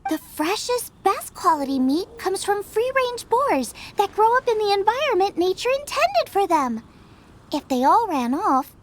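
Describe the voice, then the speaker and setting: A woman's voice: extremely high pitch, a little hiss or hum, exaggerated voice. A woman voicing an eager, food-obsessed young female chef who gets carried away talking about recipes. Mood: apologetic. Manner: excitable, rambles about recipes. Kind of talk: game cutscene voice acting. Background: game music.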